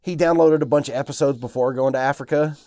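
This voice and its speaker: A man's voice: mid-range voice, fairly even intonation, quick pace, dark tone, no room sound. A young man co-hosting a casual podcast, telling a rambling story full of fillers on a lavalier mic. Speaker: podcast co-host.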